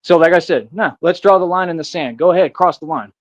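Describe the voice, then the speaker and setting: A man's voice: on the high side, quick pace, no echo, dull audio. An American man in a ranting monologue, defiant and boastful, confronting his critics and repeating himself as a self-styled vigilante. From United States.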